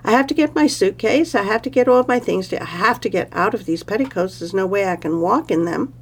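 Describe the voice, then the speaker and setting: A woman's voice: mid-range voice, expressive, fairly quick, breathy edge. A woman voicing an indignant young bride in a told story, raising her voice in exasperation.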